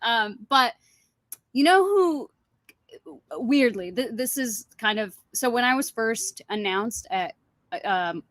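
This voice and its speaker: A woman's voice: fairly high pitch, lively intonation, takes it slowly, a bit bright, no room sound. A young woman actress being interviewed, chatty and laughing often, acting out what others said in her stories. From Egyptian heritage. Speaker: actress guest. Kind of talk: casual interview chat.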